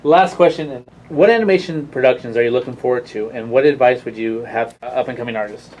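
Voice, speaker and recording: A man's voice: mid-range voice, quick pace, slight background noise, poor audio. Hesitant, easygoing male interviewer. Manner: relaxed, hesitant, lots of fillers and backchannel. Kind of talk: casual interview.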